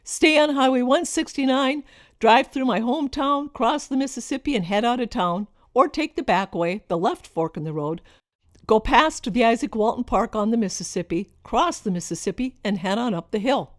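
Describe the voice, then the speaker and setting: A middle-aged woman from Minnesota reading her own personal story in a reflective, expressive way. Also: a little high, moderate pace, no echo, clean studio sound. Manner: reflective, expressive, lingering over list words.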